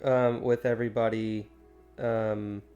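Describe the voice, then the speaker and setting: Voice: medium pitch, little pitch movement, slow, dark tone, lo-fi sound, soft background music. A podcast co-host chiming in during a casual chat, conversational and agreeable.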